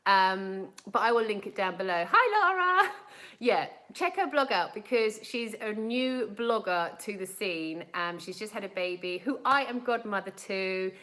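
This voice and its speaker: A woman in her thirties from South Africa, chatting casually as she answers viewers' questions live, with lots of fillers and quick laughs. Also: mid-range voice, fairly bright tone, poor audio.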